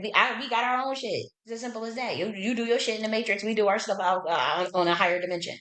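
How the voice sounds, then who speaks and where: A woman's voice: medium pitch, quick pace, hardly any pauses, a bit bright. Blunt, profane woman in an echoey room. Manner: blunt, heated, profane, repeats herself. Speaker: livestream host. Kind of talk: profane political commentary livestream.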